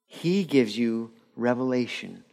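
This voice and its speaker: Animated male pastor preaching. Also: medium pitch, slow pace, creaky. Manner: animated preaching, laughing with the audience, acting out quotes. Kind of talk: sermon. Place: church.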